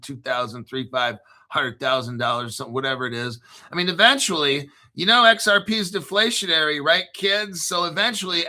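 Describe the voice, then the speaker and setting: A man's voice: on the high side, pushed and bright. A man in his fifties hosting a crypto video, ranting casually in a blunt, profane, combative way and repeating himself for emphasis.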